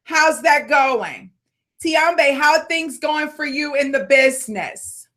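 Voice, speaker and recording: A woman coaching and hosting a live call, excitable and quick to shout greetings. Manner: high-spirited.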